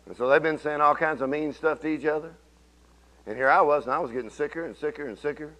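A middle-aged pastor preaches with a bright, forceful edge to his slightly high voice. He tells homey stories in a conversational drawl, dropping to murmurs and then rising to ringing exclamations. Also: quick pace. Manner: folksy storytelling preacher, swings from low murmurs to loud exclamations. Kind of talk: sermon.

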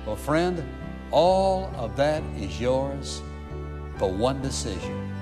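A man's voice: mid-range voice, sing-song, takes it slowly, big-room sound, music in the background. A man preaching a sermon, emphatic, with repeated rhetorical questions. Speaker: pastor.

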